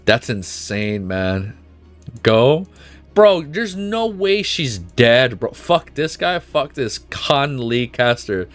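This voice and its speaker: A man streaming at home, reading a webnovel aloud and reacting with emotional, excitable outbursts full of swearing. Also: medium pitch, slow, faint music behind. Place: at home with his dog.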